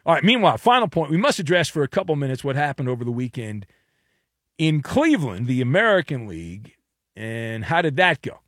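A man's voice: a little high, very animated, brisk, a bit bright, dry recording, clean studio sound. A man hosting a sports talk show, delivering a punchy, jokey commentary monologue full of colorful metaphors.

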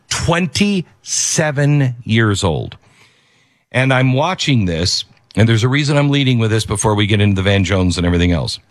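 A man's voice: medium pitch, no room sound, clean studio sound. A man hosting a commentary show, talking emphatically and repeating key phrases for weight. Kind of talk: opinionated commentary.

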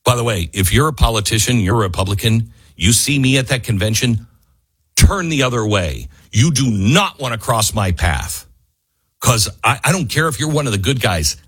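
Male radio host, husky and dry, fiery monologue, voice swinging widely. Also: medium pitch, animated, normal speed, no echo. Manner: fiery, raises voice to near yelling. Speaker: radio talk show host. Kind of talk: impassioned talk radio monologue.

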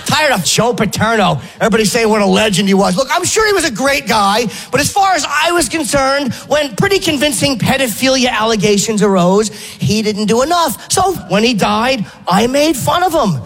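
A man's voice: extremely high pitch, animated, moderate pace, hardly any pauses, fairly bright tone. A man doing a blunt, sarcastic stand-up routine. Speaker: stand-up comedian.

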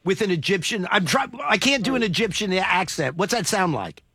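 A man's voice: sits high, very animated, pushed and bright, breathy edge, dry recording, clean studio sound. A man hosting a radio show, playful and teasing in his banter with guests and co-hosts. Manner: playful, joking, quick to tease. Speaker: radio host.

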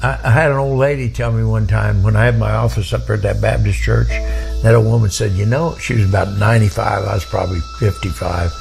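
Older man with a gravelly voice, telling his testimony, low music underneath. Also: steady tone, darkish tone. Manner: plain, earnest storytelling, slow at times. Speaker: guest storyteller. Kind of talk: personal testimony.

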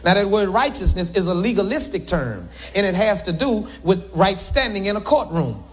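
A man's voice: high-pitched, big pitch swings, normal speed. A man preaching a sermon to a congregation from the pulpit, with joking asides to the crowd. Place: church sanctuary.

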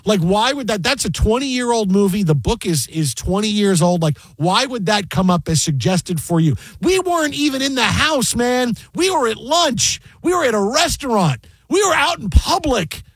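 A man co-hosting a casual talk show, telling an animated story, repeating phrases and laughing often. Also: sits high, moderate pace, hardly any pauses, slightly rough, no echo. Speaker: podcast co-host. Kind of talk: casual chat.

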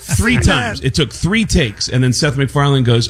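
A husky-voiced man tells stories as a talk show guest, his pitch swinging widely. He is animated and laughs through his own stories, and he has no regional accent. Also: moderate pace. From Bronx, New York. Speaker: guest, voice actor.

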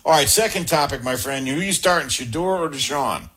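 A man's voice: fairly high pitch, fairly quick, a bit bright, slightly rough. A man hosting a call-in sports radio show, upbeat and joking, steering callers from topic to topic. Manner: upbeat, jokes and quotes movie lines. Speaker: radio sports talk host.

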